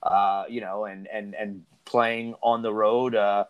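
Podcast host, male, lowish voice, loose and animated with lots of false starts. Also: takes it slowly, smooth, narrow, tinny audio. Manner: animated, rambling, many restarts. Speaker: soccer coach and podcast host. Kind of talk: casual podcast discussion.

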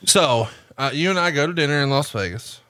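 A man's voice: a little high, lively intonation, fairly quick, sharp tone, clear, resonant tone, dry recording, clean studio sound. A man hosting a podcast, telling a crude, teasing story about his co-host in casual chat.

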